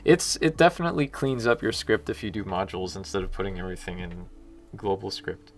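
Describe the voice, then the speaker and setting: This deep-voiced man speaks briskly while streaming his indie game development, chatting casually, muttering to himself as he codes and reading chat aloud. Faint music and keyboard typing sit in the background.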